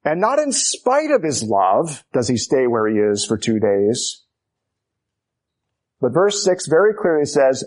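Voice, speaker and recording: A man's voice: medium pitch, big pitch swings, unhurried, a little mellow. A man preaching an expository sermon, emphatic, building his points through repetition.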